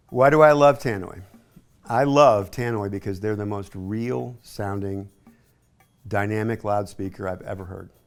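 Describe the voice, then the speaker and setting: A creaky, lowish male voice belongs to an East Tennessee man in his sixties who works in hi-fi sales. He gives a chatty, wandering tour of a home, sprinkling in folksy asides as he talks casually.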